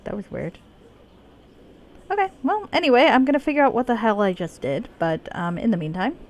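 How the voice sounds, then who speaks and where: A woman's voice: fairly high pitch, expressive, a little fast. A woman live-streaming a video game, chatting casually, laughing often and reading the game's dialogue aloud in her own voice.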